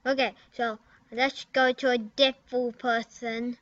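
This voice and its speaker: A woman's voice: fairly high pitch, little pitch movement, fairly bright tone, dry recording. A young woman giggling and mumbling as she records a prank game video, typing at her computer. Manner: giggly, halting, mumbles and trails off. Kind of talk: casual giggly commentary while typing. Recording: dull lo-fi computer mic.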